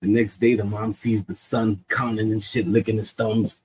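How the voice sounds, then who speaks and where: Husky man telling a joke. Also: fairly low pitch, normal speed. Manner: laughs through his own punchlines; animated storyteller. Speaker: stream co-host. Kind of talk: casual joke-telling among friends.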